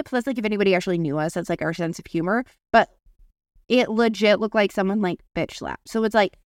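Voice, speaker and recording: Animated storytelling woman co-host. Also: medium pitch, no echo, studio quality. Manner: animated, swearing, quoting voices. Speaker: podcast co-host. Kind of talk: casual chat, storytelling.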